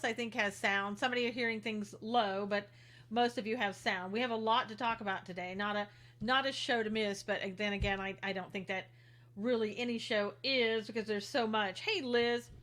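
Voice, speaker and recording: A woman with a bright, slightly high voice hosts a livestream of political commentary. She is chatty and informal, greeting her viewers one by one by name. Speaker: livestream host.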